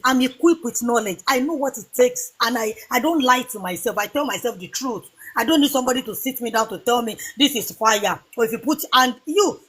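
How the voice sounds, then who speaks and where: Woman, Nigerian Yoruba accent, high voice, defiant, lecturing, live-stream argument. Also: a bit bright, slightly rough. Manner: defiant, lecturing, repeats herself. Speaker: live debate participant.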